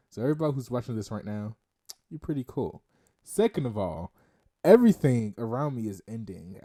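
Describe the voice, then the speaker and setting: A man's voice: fairly low pitch, creaky, mellow. A man hosting a casual podcast, rambling, giggling often and swearing freely. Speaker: podcast host.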